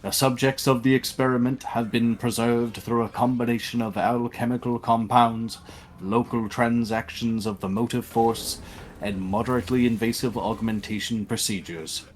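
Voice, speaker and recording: A man's voice: mid-range voice, steady tone, normal speed, a little hiss or hum, close to an everyday voice. A man doing a grandiose old tech-priest. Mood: lecturing. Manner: grandiose, lecturing. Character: excitable old male tech-priest scientist. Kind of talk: reading game dialogue aloud.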